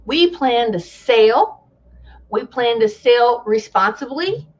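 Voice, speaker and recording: High, animated woman storyteller. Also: lo-fi sound. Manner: animated storyteller who acts out quotes with dramatic pauses. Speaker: travel advisor vlogger. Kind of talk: casual monologue commentary.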